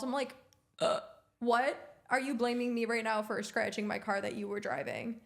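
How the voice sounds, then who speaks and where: A young adult woman co-hosts a podcast in casual chat, her slightly high voice creaky and her pace moderate. She's an animated storyteller who voices the quotes herself.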